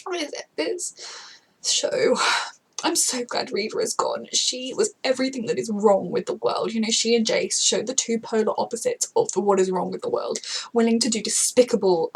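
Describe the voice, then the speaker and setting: A woman records a casual reaction vlog close to her camera. Her fairly high voice carries a husky, breathy grain. She rambles emotionally and keeps breaking off mid-sentence before pushing on. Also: moderate pace, rough recording. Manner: rambling, emotional, self-interrupting. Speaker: TV show reactor.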